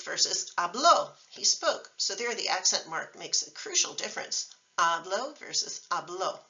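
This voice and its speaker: A woman's voice: mid-range voice, pushed and bright. A woman instructor giving a recorded language lecture, explaining patiently and methodically with example words. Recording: dull lo-fi sound from a distant mic.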